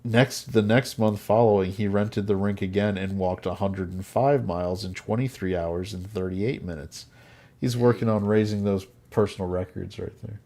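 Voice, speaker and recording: A man's voice: on the low side, fairly even intonation, normal speed, warm tone. A man hosting a podcast, telling a history story in casual chat and often laughing at his own jokes. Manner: laughs often, jokey asides. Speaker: podcast host.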